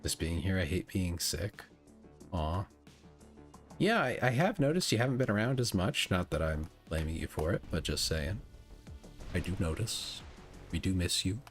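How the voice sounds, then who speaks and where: A man's voice: low-pitched, sing-song, normal speed, pauses often. A man chatting casually with his stream audience, rambling and stop-start as he reads out the chat. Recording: faint music behind.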